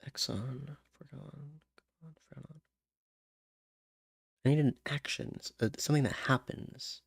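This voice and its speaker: Male songwriter, slow self-talk, trying rhymes under his breath, dry close recording. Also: mid-range voice, steady tone, vocal fry, slightly rough, no room sound. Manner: muttering, trying out rhymes and humming syllables. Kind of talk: thinking aloud while writing lyrics.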